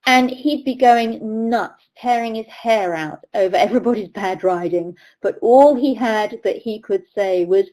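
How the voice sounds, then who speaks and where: Poor audio carries the voice of a middle-aged British riding coach lecturing in a webinar. Her voice is a little high and a little mellow, with a measured pace and hardly any pauses, as she tells anecdotes and acts out quoted voices.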